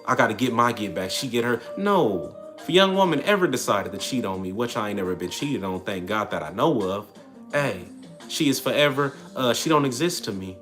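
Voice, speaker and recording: A man's voice: mid-range voice, a little fast, faint music behind. A man hosting a livestream, giving blunt relationship advice in casual chat while answering viewers. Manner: blunt, streetwise, animated preaching to chat. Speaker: livestream host.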